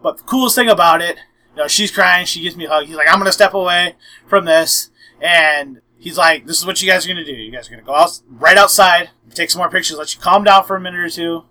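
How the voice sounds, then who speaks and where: Bright-voiced young man telling a story. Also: high voice, fast, poor audio. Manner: animated, acts out quotes, frequent "I'm like". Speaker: podcast host. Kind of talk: casual storytelling chat.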